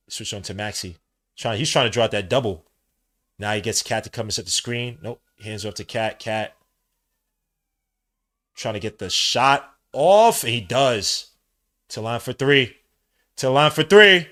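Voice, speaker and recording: A young man doing live watch-along commentary as a podcast host, trading muttered play-by-play for loud slangy outbursts. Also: lowish voice.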